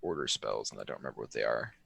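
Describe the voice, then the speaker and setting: A man playing in a tabletop game, chatting in a jokey, quick way. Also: very deep voice, expressive, vocal fry, a bit bright, husky. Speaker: player. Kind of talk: casual tabletop play chat.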